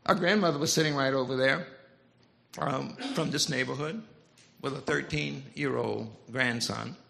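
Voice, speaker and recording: Gravelly older preacher. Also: male voice, mid-range voice, moderate pace, slight background noise. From Louisiana Cajun. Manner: folksy, animated storytelling with humor. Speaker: pastor. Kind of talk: storytelling sermon. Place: church sanctuary.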